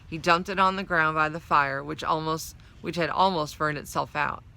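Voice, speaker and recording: A woman's voice: sits low, fairly even intonation, moderate pace, vocal fry, bright, forceful tone. A woman reading a novel aloud, narrating steadily in the first person. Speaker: storyteller.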